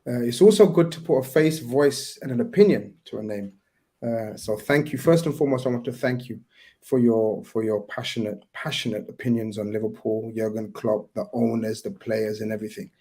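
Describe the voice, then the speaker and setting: A man hosting a call-in show, polite and measured, speaking with formal courtesy to a caller. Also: medium pitch, mellow. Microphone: video call.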